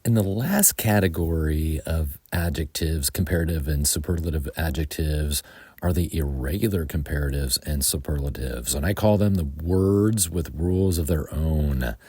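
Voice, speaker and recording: A man with an American accent teaching English grammar, explaining slowly and methodically with frequent ums. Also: a bass voice, a little mellow, slightly rough, no room sound.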